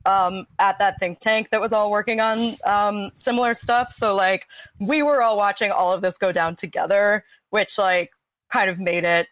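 A woman's voice: mid-range voice, steady tone, normal speed, a bit bright, dry recording. A young adult woman, a researcher on a podcast, chatting casually with frequent fillers and dry sarcasm. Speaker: guest, PhD researcher.

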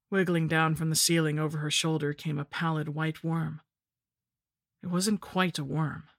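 A woman narrating a horror story in the first person, with a measured, grim delivery. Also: low-pitched, level tone, no room sound, clean studio sound. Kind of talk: scripted narration.

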